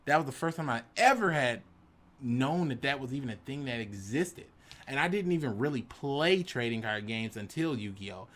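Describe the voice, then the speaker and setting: A man telling a personal story in an animated, casual way, sometimes jumping into dramatic voices. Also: mid-range voice, moderate pace. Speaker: YouTube storyteller.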